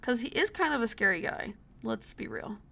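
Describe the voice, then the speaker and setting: A woman's voice: on the high side, expressive, moderate pace, creaky, pushed and bright. Swearing young woman streamer. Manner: blunt, swears freely, laughs at herself. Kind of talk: casual gaming commentary.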